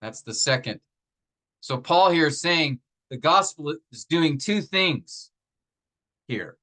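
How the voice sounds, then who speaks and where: A man's voice: on the high side, lively intonation, pushed and bright, poor audio. A man teaching a grammar lesson, explaining patiently step by step and asking his class rhetorical questions. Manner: many fillers and restarts, slows down to stress example phrases.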